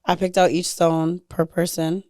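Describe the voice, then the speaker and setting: A woman with a hoarse, strained voice that sits on the low side, talking hesitantly with lots of fillers. Her voice is close and dry, with no room sound. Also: level tone, unhurried, dry recording. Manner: hesitant, filler-heavy, gentle. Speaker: podcast co-host. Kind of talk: casual chat.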